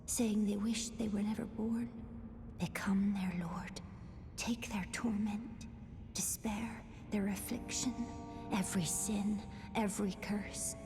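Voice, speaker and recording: An actress voicing an ancient female chaos spirit in a game cutscene, speaking in a slow, grave whisper. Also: medium pitch, fairly even intonation, over music. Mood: ominous. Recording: echoey game cutscene audio with loud score.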